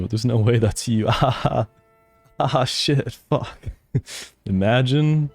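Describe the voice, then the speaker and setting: A man's voice: mid-range voice, moderate pace, a little mellow, dry recording, faint music behind. A man streaming a game, chatting casually with his chat, laughing often and swearing freely. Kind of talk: casual live-stream chat while gaming.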